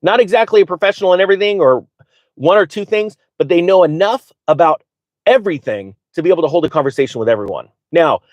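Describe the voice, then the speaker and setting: Excitable man hosting a live finance show. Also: high voice, fast talker, dry recording, lo-fi sound. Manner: excitable, restarts and stutters often; direct, addresses viewers and asks them to type answers. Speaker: finance livestream host. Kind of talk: live unscripted finance talk.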